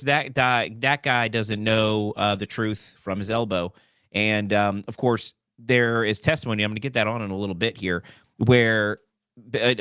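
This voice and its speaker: Animated male host, very expressive pitch, rambling commentary, dry mic. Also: no echo. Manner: animated, rambling, full of fillers and asides. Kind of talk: political commentary talk show.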